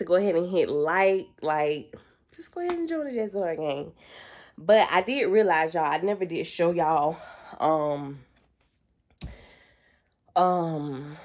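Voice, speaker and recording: Chatty young woman vlogging from home. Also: lowish voice. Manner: chatty and playful, calls viewers baby and girl. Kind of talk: casual chat to camera. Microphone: phone camera.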